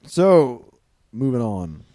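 A man hosting a casual podcast chat. He speaks in a relaxed, hesitant way, with lots of fillers, and leads the segments. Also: medium pitch, very slow, no room sound. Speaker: podcast host.

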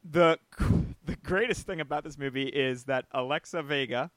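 A man's voice: on the high side, normal speed, no room sound. A man with an easygoing way of talking reads movie synopses aloud and chats about casting. His voice sits mid-range. The room sounds dry and close. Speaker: podcast co-host. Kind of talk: casual movie-trailer chat.

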